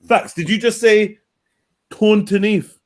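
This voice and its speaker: A man's voice: sits high, slow pace. A man hosting a casual online panel, teasing the others and laughing. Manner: teasing, animated. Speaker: host. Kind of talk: casual chat.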